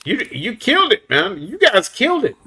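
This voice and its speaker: A man hosting a casual barbecue livestream, chatting loosely with viewers and giving shout-outs. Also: extremely high pitch, huge pitch swings, moderate pace, slightly rough. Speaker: livestream host.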